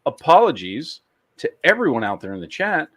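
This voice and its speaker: A man's voice: fairly high pitch, wildly swooping pitch, moderate pace, fairly bright tone, no room sound. A man with a Texas accent hosting a casual podcast chat, rambling and swearing freely. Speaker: podcast host.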